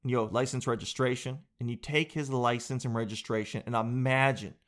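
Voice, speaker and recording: A man comedian telling a comic monologue in an animated, profane storytelling way. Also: medium pitch, a little fast. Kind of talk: stand-up style comic monologue.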